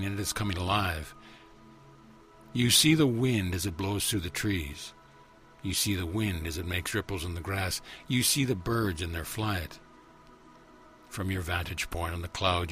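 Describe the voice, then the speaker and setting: Man, very low voice, spiritual teacher guiding a meditation; slow and measured with soft repeated questions, faint music underneath. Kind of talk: guided meditation.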